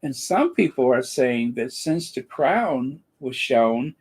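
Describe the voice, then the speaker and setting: A man's voice: medium pitch, animated, slow pace, breathy edge. A man hosting a commentary channel, talking in a sarcastic, rambling monologue full of fillers and restarts.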